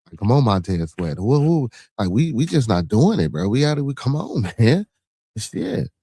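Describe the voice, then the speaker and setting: A male podcast host rambles through casual livestream talk answering chat, full of filler phrases and blunt swearing. His medium-pitched voice is very animated, dark and breathy at normal speed, with no room sound.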